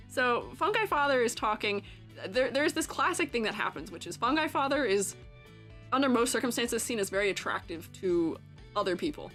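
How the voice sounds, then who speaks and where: A young woman with a high, bright voice that leaps all over as she tells a rambling story on stream. She laughs often and throws herself into acting out the people in it. Faint music plays behind her. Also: sing-song, moderate pace.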